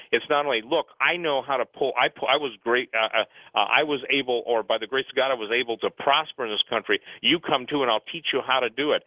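A man's voice: mid-range voice, no echo. A man talking at length as a guest on talk radio, rambling and urgent, often restarting his sentences. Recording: phone-line radio sound, dry.

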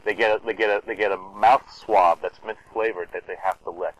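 A man in casual conversation, retelling film scenes with amused, animated delight and easy laughter. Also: on the low side, fairly quick, poor audio.

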